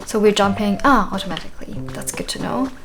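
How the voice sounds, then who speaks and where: A woman's voice: mid-range voice, quick pace, gravelly. A woman giving casual let's-play commentary, chatty and thinking aloud while playing. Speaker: gaming video creator. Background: game music.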